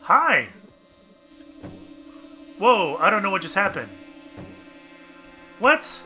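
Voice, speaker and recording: Young male let's-player, chatty and bemused, somewhat higher voice, very bright tone, faint game music behind. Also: big pitch swings, drawn-out words. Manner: chatty, addresses viewers, bemused asides. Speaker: let's play gamer. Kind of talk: casual game commentary, reading on-screen text aloud.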